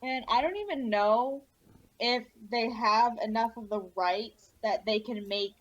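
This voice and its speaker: A woman's voice: fairly high pitch, measured pace. Brief: young woman, blunt and wry co-host, muffled lo-fi recording. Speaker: podcast co-host. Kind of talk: casual chat.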